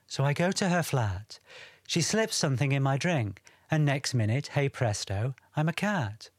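A man voicing a gentle, shy young woman freed from a spell, speaking softly in an audiobook. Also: mid-range voice, lively intonation, moderate pace, dry recording, clean studio sound, close to an everyday voice. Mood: recounting. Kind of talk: audiobook character reading.

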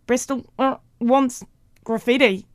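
A woman's voice: a little high, fairly even intonation, slow pace, dry recording, studio quality, pitched above the performer's own voice. A woman reading a story aloud and voicing a tape recorder that plays back a man's edited words in choppy, stilted phrases. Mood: mechanical.

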